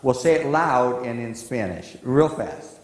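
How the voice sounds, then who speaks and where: A man's voice: medium pitch, expressive, a little slow. A male pastor preaching a sermon in a church, talking conversationally and quizzing his congregation. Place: church sanctuary. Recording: echoey church hall.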